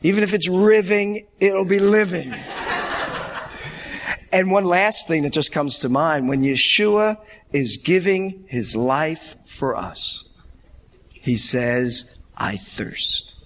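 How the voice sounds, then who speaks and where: A man's voice: sits high, takes it slowly, a little hiss or hum. A middle-aged man preaching a sermon, telling stories animatedly and laughing along. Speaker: pastor.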